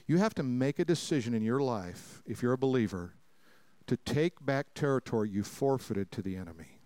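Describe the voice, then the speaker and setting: A pastor preaching a sermon to a congregation, telling stories with jokes and acted-out voices, swinging between loud preaching and quiet asides. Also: male voice, mid-range voice, animated, normal speed, dry recording. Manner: folksy, jokey storytelling with acted-out quotes. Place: church sanctuary before a congregation.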